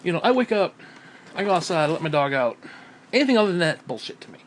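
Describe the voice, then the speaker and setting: Breathless, swearing man with a lively voice. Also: on the high side, fast talker, slight background noise. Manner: profane, rambling, sarcastic, sighs and throat-clearing. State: short of breath. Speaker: vlogger. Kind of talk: casual ranting monologue. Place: at home with his dog.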